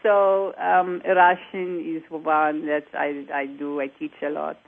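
Animated Cockney woman coach, lowish voice, heard over phone line. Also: takes it slowly, creaky. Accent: English, Cockney. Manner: animated, repeats herself, demonstrates sounds. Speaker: accent coach, radio guest. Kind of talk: radio interview.

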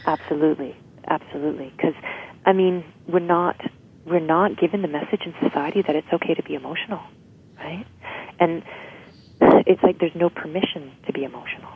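A woman's voice: low voice, brisk, slightly rough. A woman guest explaining emotional healing in an interview, often checking in with "right?". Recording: tinny phone-like line.

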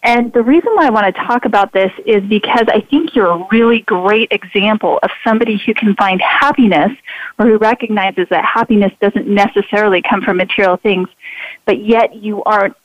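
A woman's voice: medium pitch, normal speed, no room sound. A woman hosting an interview show, speaking in an earnest, inspirational way. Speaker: show host. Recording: dull lo-fi, dry sound.

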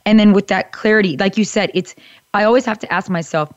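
A woman's voice: medium pitch, quick pace, no room sound, lo-fi sound. A woman hosting a podcast, reflecting back and affirming what her guest says. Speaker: podcast host. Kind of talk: supportive interview conversation.

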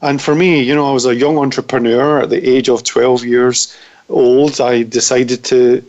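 A man's voice: medium pitch, flat delivery, moderate pace, darkish tone. Earnest Scottish man on a call. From United Kingdom. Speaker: guest. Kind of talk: interview. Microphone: internet call. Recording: muffled lo-fi call audio.

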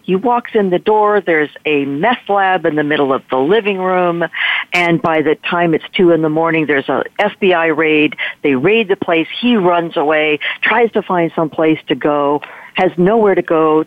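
A woman guest, a motivational speaker, telling a personal story in a lively way and acting out the voices of the people in it. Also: low-pitched, no echo. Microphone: telephone. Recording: tinny phone line, dry.

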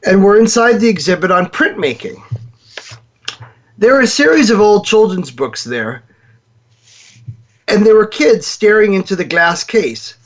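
A man hosts a show and tells a long story, acting out the people in it. His voice sits a little high for a man. The recording sounds dull and lo-fi. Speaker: host. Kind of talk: storytelling talk.

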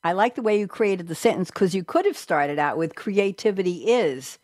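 A middle-aged woman hosting a group discussion, reading quotes aloud slowly with lively asides. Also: lowish voice, dry recording, clean studio sound. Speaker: host.

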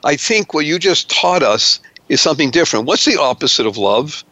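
Effusive high-voiced male talk host. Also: lively intonation, fairly quick, bright, forceful tone, no room sound, highs cut off. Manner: effusive and florid, stretching out words. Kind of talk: upbeat interview hosting.

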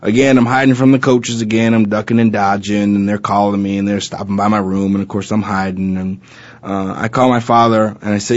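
A man's voice: lowish voice, brisk, highs cut off. A man from Arizona and a former college football player, telling a personal story in an interview and acting out old conversations with lots of fillers. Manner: animated retelling, acting out past dialogue with many fillers.

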